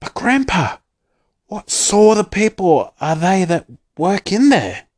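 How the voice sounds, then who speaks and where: Man doing eager young boy, storybook, high pitched, pressing questions. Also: very animated, takes it slowly, darkish tone, no room sound, clean studio sound, full character voice. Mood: incredulous.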